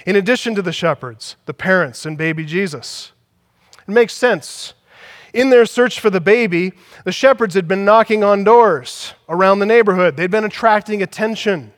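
A man preaching a sermon as pastor, emphatic, building his points through repetition. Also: sits high. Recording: long hall reverb.

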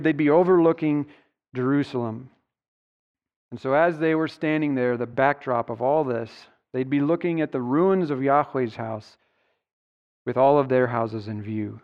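A man's voice: on the high side, smooth, highs cut off. Preaching man in a reverberant church. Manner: expository preaching, stressing key words. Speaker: pastor. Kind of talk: sermon. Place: church sanctuary.

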